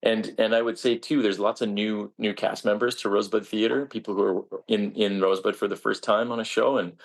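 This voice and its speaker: A man with a gravelly, fry-edged voice sitting a little low in pitch. He is a stage actor answering interview questions casually. He talks earnestly but haltingly, often restarting his sentences. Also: little pitch movement.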